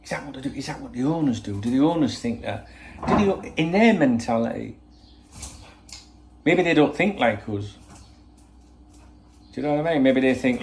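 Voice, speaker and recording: Man, casual football rant, rhetorical questions, mid pitch. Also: animated, moderate pace, long pauses, a little mellow, slight background noise. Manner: rambling, rhetorical questions, swears freely. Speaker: football channel host. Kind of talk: casual opinion monologue.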